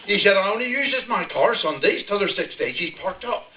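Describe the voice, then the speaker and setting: An older man with a broad West Country burr spins a comic village yarn, chuckling as he goes. His voice sits high and carries. It comes through an echoey hall from a distant mic, with a dull, muffled sound. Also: animated, moderate pace. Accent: West Country English. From Devon, England. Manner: broad rural yarn-spinning, chuckling as he tells it. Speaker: storyteller. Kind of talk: humorous dialect storytelling. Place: village hall, live audience.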